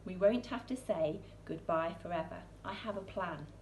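Storybook figure: calm reassuring male teacher, voiced by a woman, low-pitched, slight background hiss. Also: normal speed, roomy sound, close to an everyday voice.

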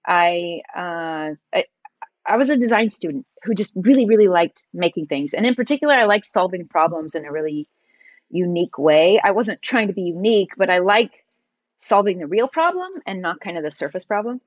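A middle-aged woman, a podcast guest, telling her story in a lively conversational way. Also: lowish voice, normal speed, dry recording, dull audio. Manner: animated, acts out quoted dialogue in her stories. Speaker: podcast guest, entrepreneur and designer.

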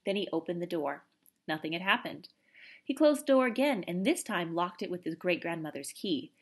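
A woman reading a children's novel aloud in an expressive, animated storytelling manner. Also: fairly low pitch, a little fast, husky. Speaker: audiobook reader.

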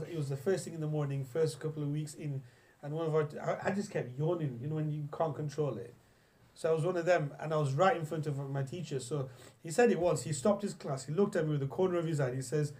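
A young man teaches a religious class in a loose, chatty way, often restarting his sentences and telling stories. His voice sits a little higher than most men's. He mixes in recited Arabic lines. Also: a little mellow. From England. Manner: storytelling, chatty, many restarts, quotes Arabic. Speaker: Islamic teacher. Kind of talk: classroom lesson on hadith.

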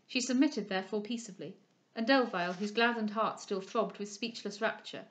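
On a dull lo-fi recording, a woman reads from a classic novel, her mid-range voice measured and expressive in the manner of an audiobook reader.

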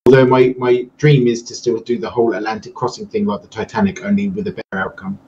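A man's voice: fairly low pitch, flat delivery, fast, darkish tone, muffled recording, a little hiss or hum. A man chatting on a sports fan podcast in a laid-back, self-deprecating way. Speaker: podcast co-host. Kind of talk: casual chat.

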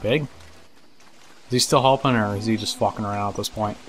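A man's voice: on the low side, fairly even intonation, moderate pace, fairly bright tone, faint music behind. A man giving casual let's-play commentary, chatting to the characters on screen, laughing and swearing as he plays. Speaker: gameplay commentator.

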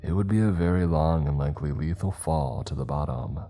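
A man reads a scripted horror story in a slow, measured way. His voice is extremely low and dark, with a mellow, heavy tone. Faint music plays quietly behind him.

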